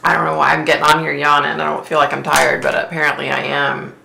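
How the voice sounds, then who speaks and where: A middle-aged woman hosting a casual live stream, giggling often and greeting viewers by name in high squeals. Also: flat delivery, fast talker, gravelly, pushed and bright. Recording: roomy echo with faint noise.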